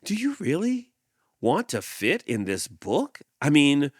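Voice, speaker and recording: Man voicing a teasing picture-book leopard, high, lively and swooping. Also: takes it slowly, no echo, clean studio sound, heavily acted. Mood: playful.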